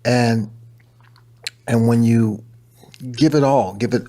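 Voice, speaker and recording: A man who is a guest on a show, speaking calmly and reflectively. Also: medium pitch, takes it slowly, a little hiss or hum. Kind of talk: reflective interview conversation.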